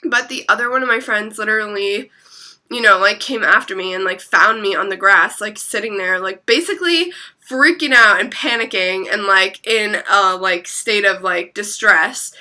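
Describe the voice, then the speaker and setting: A woman's voice: medium pitch, moderate pace, sharp tone. A young woman telling a story in a casual vlog, chatty, packed with filler words and casual swearing. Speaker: vlogger.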